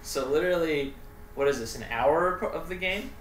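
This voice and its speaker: A man's voice: on the high side, normal speed, slight background noise. A man hosting a reaction video, casual and joking, defending the game with sarcastic jabs. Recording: echoey room.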